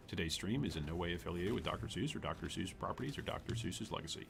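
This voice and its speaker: A man's voice: deep voice, lively intonation, quick pace, vocal fry, hardly any pauses. A man streaming a video game, chatting playfully with his viewers as he plays. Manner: chatty, playful, joking with chat. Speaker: gaming streamer. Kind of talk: casual gameplay commentary.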